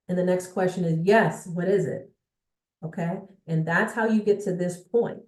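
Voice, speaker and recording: A woman's voice: fairly low pitch, normal speed, darkish tone. Emphatic woman coaching in an echoey room. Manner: emphatic, checks in often with the audience. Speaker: sales and business coach. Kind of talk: motivational coaching talk to viewers. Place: indoor room with a bookshelf behind her.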